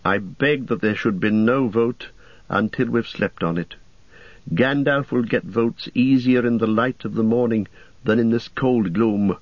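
A man voicing a quiet, thoughtful male hobbit in a storybook reading, soft and measured. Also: mid-range voice, no room sound. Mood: hesitant. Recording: dull dry audiobook recording.

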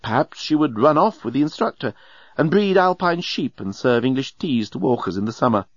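A man narrating an audiobook in a wry, lively storytelling manner. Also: medium pitch, fairly quick, no echo, highs cut off.

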